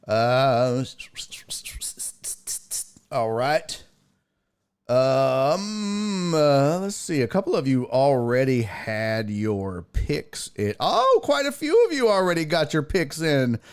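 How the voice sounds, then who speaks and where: A man hosting a live sports talk stream, excitable and profane, greeting chat viewers by name and laughing often. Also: fairly high pitch, smooth. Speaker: sports talk show host.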